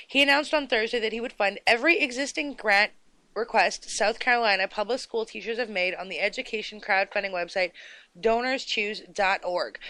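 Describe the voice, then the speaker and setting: A woman hosts her own radio show, chatting and rambling in a bubbly way. Her voice is bright and crisp. The close mic keeps it dry, with no room sound. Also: medium pitch, dry recording. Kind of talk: casual radio chat.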